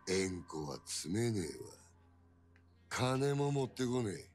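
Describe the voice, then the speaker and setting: An actor playing an arrogant, menacing yakuza lieutenant who snarls and taunts, in a video game. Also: male voice, mid-range voice, big pitch swings, normal speed, soft background music, lightly acted. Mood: snarling. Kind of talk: game voice acting.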